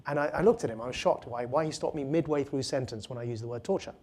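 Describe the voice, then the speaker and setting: A man, an author and guest speaker, answering audience questions at a public talk in an earnest, fluent way, with quick restarts. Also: medium pitch, a little mellow.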